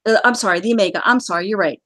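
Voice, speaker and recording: A woman's voice: mid-range voice, rapid-fire, fairly bright tone, dry recording. A woman hosting a casual gaming chat, talking in a chatty, joking way with sudden exclamations. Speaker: game community host.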